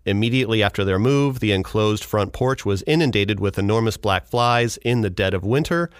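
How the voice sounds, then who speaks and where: A man's voice: on the low side, a little fast, clean tone, no room sound, studio quality. A man hosting a podcast, narrating a scripted segment in a casual, wry way. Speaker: podcast host.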